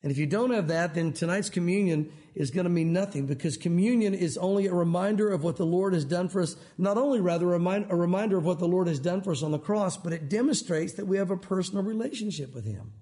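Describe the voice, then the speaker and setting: A man from Tennessee with a Southern accent preaching a conversational sermon, talking quickly with frequent restarts. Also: high voice, warm tone. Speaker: pastor.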